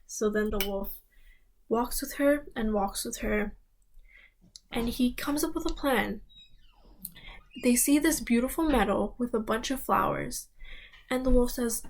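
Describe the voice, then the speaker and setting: Young woman telling a fairy tale out loud, slow and creaky. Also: a little high, poor audio. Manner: addresses listeners, dramatic pauses. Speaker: student storyteller. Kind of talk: oral fairy-tale storytelling.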